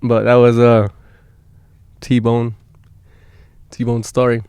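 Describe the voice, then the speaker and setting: Male podcast host, mid-pitched, casual and profane, recorded dry in a van. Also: completely flat delivery, extremely slow, a little mellow, clean tone, no room sound. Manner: rambling, swears a lot, many restarts. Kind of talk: casual storytelling. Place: inside a van.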